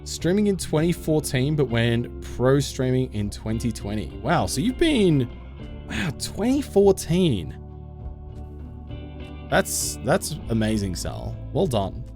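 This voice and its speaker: Male streamer, chatty and jokey, lively up-and-down voice, mid pitch, faint music behind. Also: takes it slowly. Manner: chatty, laughs often, jokey. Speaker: game streamer. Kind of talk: casual live-stream chat, reading out chat.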